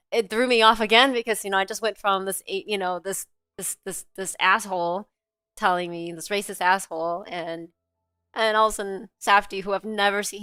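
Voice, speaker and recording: A woman's voice: mid-range voice, a bit bright, clean tone, dry recording. A middle-aged woman co-hosting a show, telling a personal story in a candid, rambling way, with lots of fillers and swearing. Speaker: co-host.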